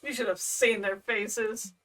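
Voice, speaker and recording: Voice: mid-range voice, steady tone, unhurried, fairly bright tone, pitched above the performer's own voice, lightly acted. A streamer voicing a brash, rebellious monster woman who brags and swears. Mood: boastful. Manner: bragging and crude. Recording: distant mic with game music.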